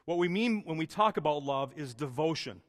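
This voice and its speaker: A man preaches to his congregation in an earnest, conversational way, restarting phrases as he works through his point. His voice sits a little high for a man. The sound carries a long reverb, as in a large church hall. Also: lively intonation, a little fast. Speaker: pastor. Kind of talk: sermon.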